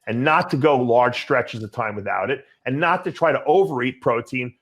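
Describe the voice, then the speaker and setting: Blunt older man, animated Q&A host. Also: medium pitch, normal speed. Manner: blunt, animated storytelling with swearing. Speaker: bodybuilding show host. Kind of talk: casual Q&A answer.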